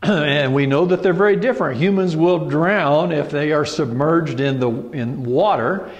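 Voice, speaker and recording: A man preaching a sermon, reading scripture slowly and deliberately with emphatic pauses. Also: fairly high pitch, long reverb tail, dull audio.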